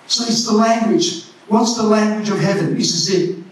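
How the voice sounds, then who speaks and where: High-voiced preacher shouting in an echoey hall. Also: male voice, moderate pace. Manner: impassioned, often shouting. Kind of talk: sermon. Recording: echoey church hall from far off.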